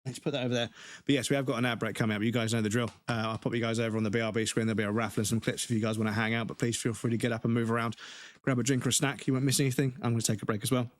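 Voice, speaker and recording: English male streamer, casual sweary rants between gameplay, mid-pitched everyday voice. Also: little pitch movement, racing, dry recording. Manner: sweary, ranting, laughing asides. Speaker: game streamer. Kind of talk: casual live-stream chat.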